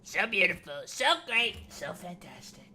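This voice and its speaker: A man doing a bombastic, bragging older politician who piles superlative on superlative and keeps repeating his catchphrases. The voice is piercingly bright, lurching between booming and hushed. A faint hiss sits under it. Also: very animated, normal speed, full character voice. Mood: boastful. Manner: exaggerated bragging, repeats catchphrases, swings loud and soft. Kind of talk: comic impression.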